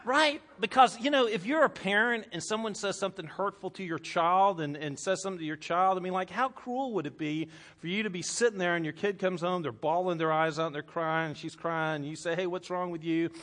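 A man with a bright, forceful, rather high voice preaches a sermon to a room full of people. He talks like he is chatting with them, often repeating words as he goes. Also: fairly quick, hardly any pauses. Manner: conversational preaching with stammered repeats and laughter. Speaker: pastor. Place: room with a congregation.

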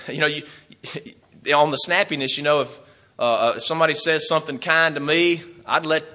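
An older man preaching a sermon in a folksy, animated way, chuckling often and acting out the things people say. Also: fairly high pitch.

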